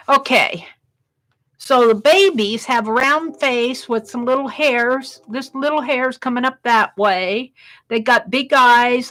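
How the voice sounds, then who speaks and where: Her voice on the high side, a woman hosts a casual craft livestream, chatting as she draws and laughing at her own work. At times she slips into a soft murmur. The recording sounds rough.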